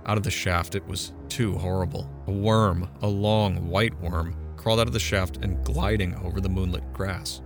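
A haunted, defiant young man tells his story with intense urgency, as a male reader gives him voice. His voice is low, set over faint background music in an audiobook. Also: steady tone, normal speed, hardly any pauses. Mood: urgent.

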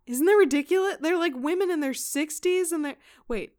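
Woman host, comic ghost-story teller, profane and animated, fairly high voice. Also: a little fast. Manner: animated, swears a lot, laughs mid-sentence. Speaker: podcast host. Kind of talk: comedic storytelling chat.

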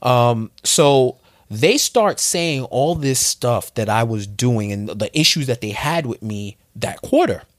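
A man, a podcast guest, telling a story in a casual, animated way with informal slang. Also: medium pitch, takes it slowly, no echo, studio quality.

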